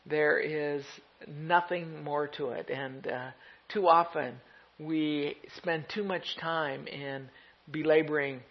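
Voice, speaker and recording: An unhurried pastor gives a gentle, reflective sermon, letting each thought settle. The recording is dull and lo-fi, with the top end muffled. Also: mid-range voice, steady tone. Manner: gentle, reflective preaching with soft laughs.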